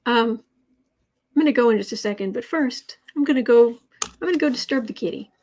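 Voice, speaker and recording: A woman chats through her daily tarot livestream from home in a relaxed, meandering way, circling back and restarting her sentences. Her voice sits a touch high for a woman. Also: a little fast. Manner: rambling, with frequent restarts and fillers. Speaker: tarot reader and livestream host. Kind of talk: casual livestream chat.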